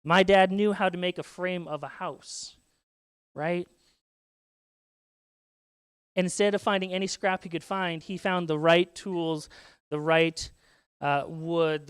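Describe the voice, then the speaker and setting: A man's voice: fairly high pitch, smooth, no room sound. A man in his thirties from Saskatchewan, a pastor telling family stories in a sermon and acting out children's voices. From Saskatchewan, Canada. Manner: storytelling, acts out children's voices. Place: church sanctuary.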